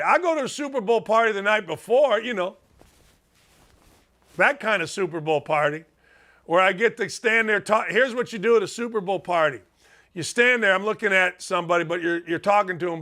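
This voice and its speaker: Hosting a sports talk show, this older man from Gary, Indiana, talks fairly quickly in a high, bright voice. He's emphatic and folksy and wanders onto tangents constantly.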